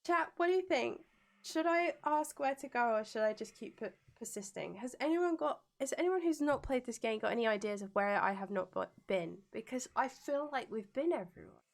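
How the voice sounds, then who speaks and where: A woman's voice: on the high side, lively intonation, fairly quick, vocal fry. Playful woman streaming a game. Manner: playful and giggly, sings jingles in silly voices. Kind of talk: casual gameplay commentary chatting with viewers.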